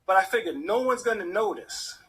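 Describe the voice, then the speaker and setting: Brief: male storyteller, high and husky, lively swings in pitch. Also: a little fast. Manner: animated, acts out the voices of people in his story. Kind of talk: personal story told to an audience.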